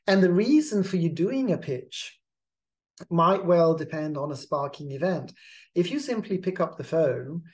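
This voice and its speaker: A host giving a measured, advisory talk on pitching, often repeating words as they restart a phrase. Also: darkish tone. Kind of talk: instructional monologue.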